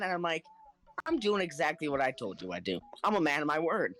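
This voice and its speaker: A man telling a story in casual podcast chat, animated and acting out the people in it, laughing now and then. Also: a little high, a little fast, soft background music. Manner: animated, acts out the other people in his story; laughs between lines.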